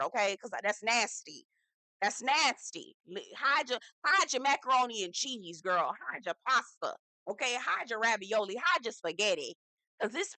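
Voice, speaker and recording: A young woman gives a sassy, animated reality-show recap. She talks straight to her viewers with a bright, forceful voice. The recording is dry and close. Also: medium pitch, no echo. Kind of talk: casual recap commentary.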